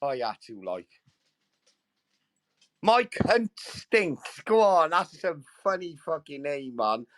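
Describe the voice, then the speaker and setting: A foul-mouthed male livestreamer with a high, wildly swinging voice, mocking and ranting with sudden loud outbursts. He speaks in casual, crude banter. The sound is close and dry, with no room echo. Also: sing-song, moderate pace, hardly any pauses. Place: at home with dogs nearby.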